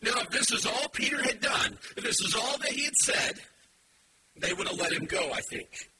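A male pastor preaches in a high voice that leaps up and down with lively emphasis, throwing in playful wordplay for his congregation. A noticeable hiss of background noise runs under the recording. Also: normal speed, far from the mic, low-quality recording. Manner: animated and emphatic, with playful puns. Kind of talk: sermon. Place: church with a live congregation.

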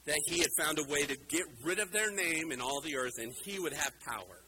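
A middle-aged man preaching a sermon with emphatic rhetorical questions, swinging between loud and soft. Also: on the high side, animated, a little fast, hardly any pauses, background noise. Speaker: pastor.

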